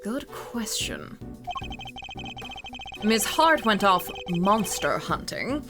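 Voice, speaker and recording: A woman voicing a composed, formal male prosecutor in a let's play, speaking in a measured way. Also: medium pitch, sing-song, exaggerated voice. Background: game music.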